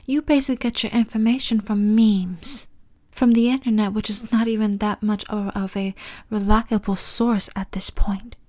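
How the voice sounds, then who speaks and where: Sassy sarcastic woman doing a solo podcast rant, calls you honey, cusses, keeps slipping into a hushed half-whisper. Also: medium pitch, steady tone, normal speed. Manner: sassy and sarcastic, calling the listener honey and darling; often drops into a half-whispered aside. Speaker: podcast host. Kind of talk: opinion podcast monologue.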